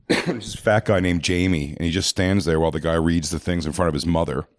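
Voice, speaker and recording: A man co-hosting a comedy podcast, talking low and rambling in a loose, casual way. He speaks into a close studio mic with a dry sound and no room around it. He keeps the story moving as he talks. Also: steady tone, brisk, dry recording. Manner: rambling, jumps into loud high-pitched impressions of people he describes. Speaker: podcast co-host.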